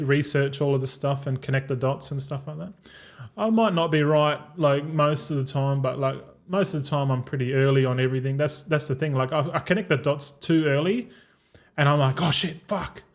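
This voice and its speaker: A talkative Australian man in his thirties, chatting casually on a live stream. His voice sits a bit higher than most men's, and he rambles loosely, swears freely and keeps dropping bro. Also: moderate pace. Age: 30s. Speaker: gaming streamer. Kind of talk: casual livestream chat.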